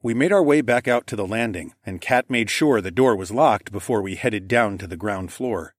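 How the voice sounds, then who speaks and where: Low voiced guy reading an audiobook, calm and even, super dry sound. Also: moderate pace, dry recording. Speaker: audiobook narrator. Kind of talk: first-person audiobook narration.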